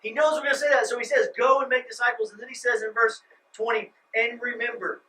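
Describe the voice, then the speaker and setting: Pastor, male, dynamic sermon delivery with loud emphasis and hushed asides, high voice, mic at a distance. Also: steady tone, quick pace. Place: church sanctuary.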